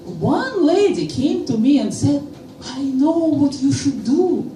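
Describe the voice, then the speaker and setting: Slow-talking Russian woman doing stand-up. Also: high-pitched, big pitch swings, warm tone, slight background noise. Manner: slow deliberate delivery with playful pauses. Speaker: stand-up comedian. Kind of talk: stand-up comedy set. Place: comedy stage before a live audience. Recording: roomy live venue, from a distance.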